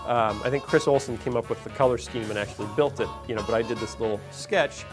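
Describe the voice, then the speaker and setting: A man interviewed about making a show, telling stories in a relaxed way with many "you know" fillers. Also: medium pitch, fast. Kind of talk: behind-the-scenes interview. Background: music.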